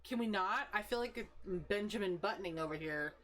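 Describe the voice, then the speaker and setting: A woman's voice: medium pitch, brisk, a bit bright. Woman, 30s, live streamer, casual rambling chat, swears a lot, laughs often, faint background noise.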